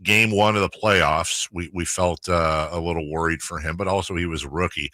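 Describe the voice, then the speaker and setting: A man's voice: low-pitched, steady tone, normal speed, pushed and bright, dry recording. A man hosting sports radio talk, earnest and emphatic, often repeating himself as he builds a point into a studio mic.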